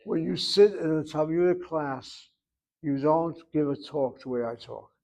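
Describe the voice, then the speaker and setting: A man's voice: on the high side, a little slow, gravelly, dark tone, rough recording. A man with an American accent giving a Hebrew grammar lesson in a blunt, emphatic classroom lecture style. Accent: American English. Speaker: Hebrew instructor.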